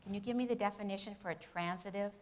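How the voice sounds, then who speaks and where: A woman teaching an English grammar lesson at a Bible institute. She puts questions to her students, answers them herself with tag questions, and reads example sentences with clear emphasis. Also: medium pitch, quick pace, a little hiss or hum. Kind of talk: classroom lecture with questions to students.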